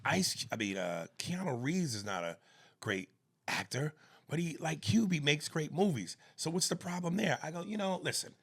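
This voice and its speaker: A gravelly, husky man talks in a casual comedic chat. His pitch jumps around a lot as he riffs, and he keeps slipping into quick jokey impressions. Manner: animated, slips into quick impressions and jokey voices. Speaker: comedian podcast co-host.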